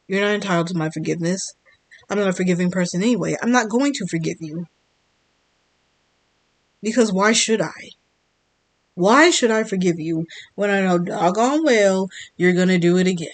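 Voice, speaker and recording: A woman giving a blunt, defiant monologue as a vlogger, repeating her points from the United States. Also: medium pitch. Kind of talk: emphatic monologue.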